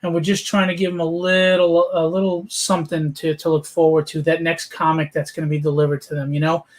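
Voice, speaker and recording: High-voiced man pitching a charity auction. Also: a little fast. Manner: energetic, persuasive, frequent fillers. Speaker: auction host.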